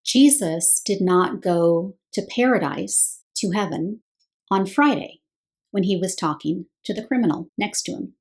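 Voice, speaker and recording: A woman's voice: medium pitch, expressive, measured pace, darkish tone. A woman giving a scripted Bible teaching talk, explaining step by step and posing rhetorical questions.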